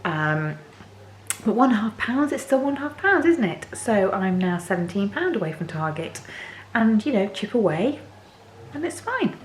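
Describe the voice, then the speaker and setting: A woman vlogging casually to camera in her home kitchen, chatty and a little hoarse. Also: very animated, moderate pace. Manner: chatty, talks to her dogs in a high sing-song voice. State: voice a bit hoarse. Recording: echoey kitchen, faint background noise.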